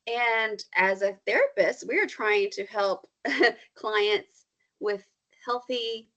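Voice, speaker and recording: A woman's voice: a little high, highs cut off. A woman counselor, a podcast guest, explaining things with fillers and a teaching tone. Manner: explanatory, warm teaching tone with fillers and quick role-play asides. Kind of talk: podcast conversation.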